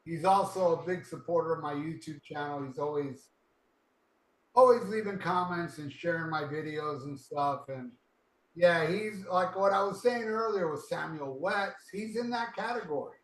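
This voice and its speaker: Rambling high-voiced man, echoey room. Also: moderate pace. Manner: easygoing, rambling, emphatic. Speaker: podcast co-host, YouTuber. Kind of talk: casual podcast chat.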